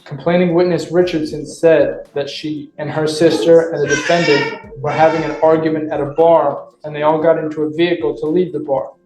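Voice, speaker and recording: A woman's voice: low-pitched, flat delivery, moderate pace, few pauses, roomy sound, music in the background, low-quality recording. A woman prosecutor reading a police report aloud in a matter-of-fact way at a courtroom hearing.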